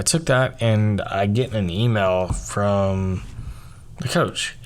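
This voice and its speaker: A young man telling a personal story on his podcast, rambling with lots of fillers. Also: on the low side. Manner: rambling, heavy on fillers like "like" and "you know". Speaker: podcast host. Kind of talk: casual storytelling.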